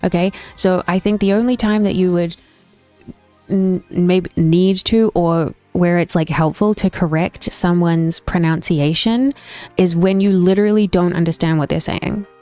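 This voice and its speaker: A young woman gaming streamer, recorded with no room sound, talks in a fairly low, dark voice with a steady tone and measured pace. Reacting casually to her stream chat, she's opinionated and thinks aloud with many restarts, faint stream music in the background.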